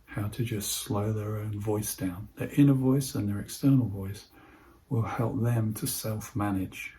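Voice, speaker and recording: Calm man with a low, mellow voice. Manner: demonstrates slowing his speech, with deliberate pauses. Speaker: presenter teaching voice techniques to healthcare staff. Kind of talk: instructional talk.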